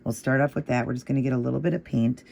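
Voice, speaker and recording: A man hosting a nail art tutorial, explaining each step in a patient, encouraging way and repeating the moves in a steady rhythm. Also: medium pitch, racing, gravelly, a little hiss or hum. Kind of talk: casual step-by-step tutorial narration.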